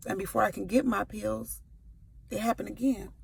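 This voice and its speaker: A woman's voice: medium pitch, steady tone, normal speed, creaky, a little hiss or hum. A woman in her forties telling her own story to camera, candid and playful, with slangy asides. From California. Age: 40s. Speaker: sickle cell advocate. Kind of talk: personal testimony to camera. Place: before work, recording a video.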